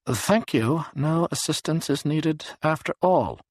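A man reading an audiobook, voicing an odd, clinical man who talks in smooth, jargon-laden phrases. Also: on the high side, expressive, slow pace, a little mellow, no room sound, studio quality, voice pushed up, heavily acted.

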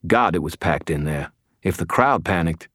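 A man voicing a tough but frightened male police officer who talks in blunt, gruff retorts. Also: deep voice, lively intonation, normal speed, fairly bright tone, dry recording, studio quality. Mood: tense.

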